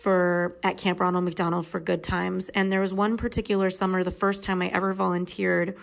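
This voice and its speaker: A woman in her thirties with a lowish voice and a gravelly, fry-edged texture. She is a podcast guest sharing a personal story, frank and earnest in how she tells it. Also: little pitch movement, moderate pace, poor audio. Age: 30s.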